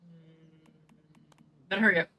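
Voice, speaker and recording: A woman streamer speaks slowly, her voice pushed and bright against slight background noise. She plays a game while chatting in a relaxed way, narrating stories, acting out other people's quoted words, and swearing a bit.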